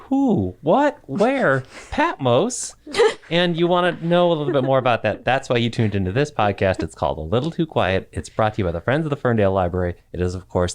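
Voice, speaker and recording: A man hosting a casual library podcast, playful with theatrical asides. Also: on the low side. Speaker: podcast host.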